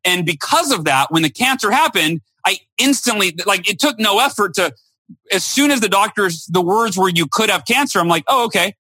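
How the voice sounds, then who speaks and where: Bright, animated man telling a story. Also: high-pitched, normal speed, breathy edge, no echo. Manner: emphatic, acts out quotes with lively shifts. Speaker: guest speaker and author.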